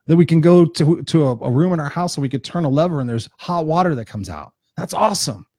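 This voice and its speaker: A man's voice: fairly high pitch, expressive, quick pace, mellow, no room sound, studio quality. A man giving an unscripted motivational talk as host of his own live stream, passionate and swearing freely, repeating points for emphasis.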